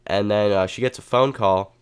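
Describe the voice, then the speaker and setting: A man's voice: lowish voice, moderate pace, clean tone. A man telling an improvised comedy story in a rambling, profane way, full of filler words. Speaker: comedy vlogger.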